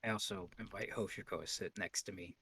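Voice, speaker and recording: A man playing a tabletop role-playing game, narrating his character's actions in a deliberate, theatrical way. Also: low voice, steady tone, sharp tone, breathy edge. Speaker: player. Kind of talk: casual tabletop role-play.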